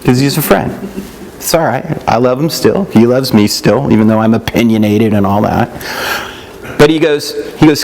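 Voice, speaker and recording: Guy lecturing on nutrition, talks like it's a chat, keeps saying "right?", mid pitch, bit of faint noise behind. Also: moderate pace, a little mellow. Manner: conversational, checks in with "yeah?" and "right?", acts out quoted people. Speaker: nutrition instructor. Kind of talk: casual classroom lecture.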